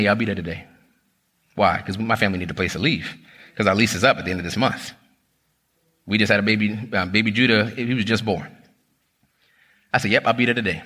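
A pastor in his thirties delivers a sermon from the pulpit in a very bright, ringing voice on the low side. He talks to the congregation like a friend, calling them "y'all," moving animatedly between storytelling and exhortation. A long church-hall reverb trails his words.

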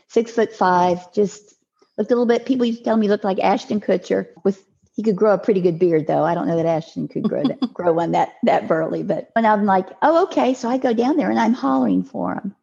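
An older woman telling a personal story as a podcast guest, in a halting way with restarts and repeated words. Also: mid-range voice, creaky, mellow, husky, dull audio. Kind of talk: emotional personal storytelling in an interview.

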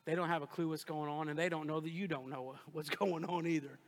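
A man preaching a sermon as a pastor, folksy and animated, calling out to the congregation. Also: a little high, a little fast. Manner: folksy, animated preaching with audience call-outs. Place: large church auditorium. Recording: long hall reverb.

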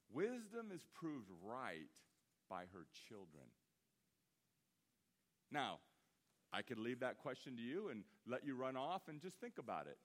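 A man in his fifties preaching a sermon as pastor, telling a story in an animated way that swings from loud, emphatic bursts to hushed asides. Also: mid-range voice. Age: 50s.

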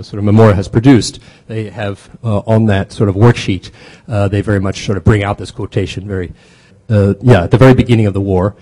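Lecturer, male, mellow low-toned voice, loose and halting, full of "uh" and "sort of", leans hard on his key points. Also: rough recording. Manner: halting, many fillers and restarts; conversational, animated emphasis. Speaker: history lecturer. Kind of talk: academic lecture.

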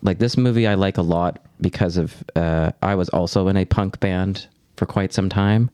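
Picture a man with a very low, deep voice, close on a dry, dead-sounding mic. He recaps a film plot in an even, steady way and trades jokes with friends. The tone is loose and casual. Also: normal speed, clean tone, dry recording. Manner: joking, reads the synopsis in a plain steady way. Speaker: podcast host.

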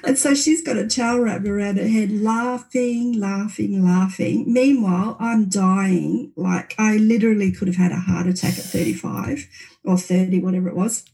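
A middle-aged woman telling a personal story in casual chat, animated and laughing, her voice climbing high as she relives a fright. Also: normal speed, gravelly.

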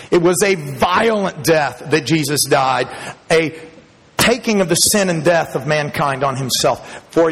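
A pastor preaches to his church congregation with emphasis, his pitch and volume climbing as he builds each point, and he chuckles in between. A long hall reverb colors the recording.

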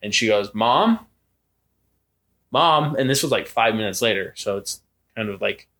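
Young man, low-ish voice, casual podcast storytelling, acts out voices. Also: fairly quick. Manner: animated, acts out quoted voices and creaks. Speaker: podcast co-host.

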